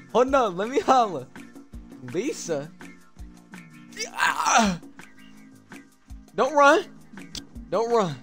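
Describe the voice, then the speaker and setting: Animated young man streaming horror. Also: sits high. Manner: animated, slangy, jumps from mumbles to yelps. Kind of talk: live horror game commentary.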